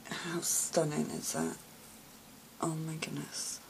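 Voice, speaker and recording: A vlogger unwraps presents at home in a relaxed show-and-tell, her low, gravelly voice moving slowly through soft whispers and breathy bursts of delight. The audio is noisy, with a steady hiss beneath it.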